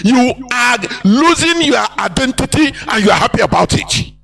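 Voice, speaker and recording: A man's voice: extremely high pitch, animated, normal speed, gravelly, fairly bright tone. A Nigerian-accented man giving an impassioned, preachy live broadcast talk, repeating phrases and slipping into pidgin and Igbo. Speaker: broadcast speaker.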